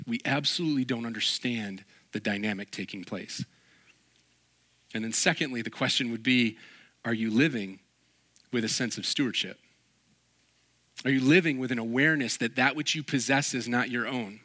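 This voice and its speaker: A man preaching a sermon, animated, acting out little quoted voices and joking with his listeners. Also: medium pitch, moderate pace. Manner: animated, acts out quoted voices, jokes and laughs. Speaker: pastor.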